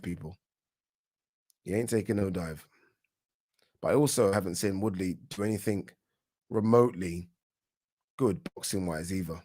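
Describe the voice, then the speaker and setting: A man with a British accent giving casual live commentary on a boxing match for his channel, chatty and quick to react, often restarting his words. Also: lowish voice, darkish tone. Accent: British English. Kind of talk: live watch-along fight commentary.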